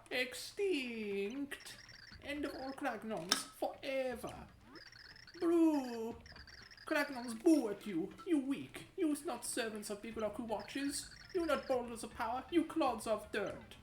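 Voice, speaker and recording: A woman's voice: a little high, creaky, full character voice. A woman voicing a dim-witted male rock-creature chief who talks in broken grammar and surfer slang, with a made-up Italian-country accent. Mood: scornful. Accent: made-up accent, Italian with a country twang. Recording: echoey room with game music.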